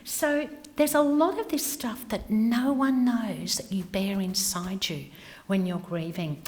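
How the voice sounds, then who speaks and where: A woman's voice: mid-range voice, takes it slowly, a little mellow. A middle-aged woman giving a candid personal talk, her voice falling to whispers for emphasis. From Australia. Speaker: speaker. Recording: hall with long reverb.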